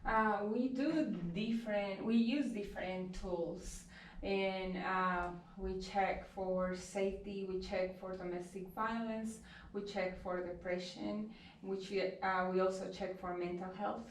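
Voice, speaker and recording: A woman at a medium pitch answers interview questions simply, pausing with small hesitations. She sounds roomy and a bit far from the mic. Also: fairly even intonation, a little hiss or hum. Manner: plain, brief answers with hesitations. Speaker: social worker guest. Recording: echoey room from a distance.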